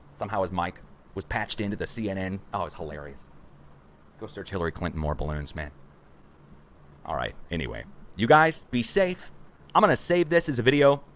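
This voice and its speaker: A man in his forties runs a rambling livestream from a room in his home, sounding excitable and conspiratorial as he addresses viewers as guys. His voice sits low.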